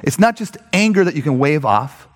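A man preaching a conversational sermon, animated and full of fillers, often checking in with "right?". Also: a little high, normal speed. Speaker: pastor. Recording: long hall reverb.

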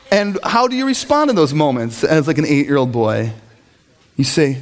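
A middle-aged male pastor delivers a sermon in a fairly high, highly expressive voice that leaps up and down as he acts out characters in his stories. He talks conversationally to the congregation, often breaking into laughter. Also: brisk. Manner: animated storytelling, acts out quotes, laughs often.

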